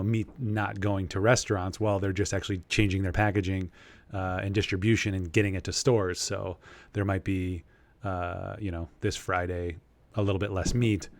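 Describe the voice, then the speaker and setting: A man hosting a casual live chat, agreeable and talkative. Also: low-pitched.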